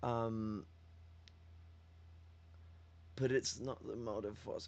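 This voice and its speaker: Northern English male host, bright forceful tone, dry close sound, rambling sweary political rant. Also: mid-range voice, moderate pace, no room sound. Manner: profane, rambling, teasing. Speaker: livestream host. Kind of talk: political commentary livestream.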